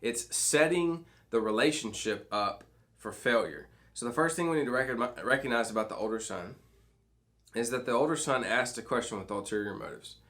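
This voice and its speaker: This time the youth pastor sounds medium-pitched, fairly quick, and fairly bright as he teaches a midweek devotional to students. Reading scripture and explaining it casually, he keeps asking "okay?" or "right?" while frequently restarting and using fillers.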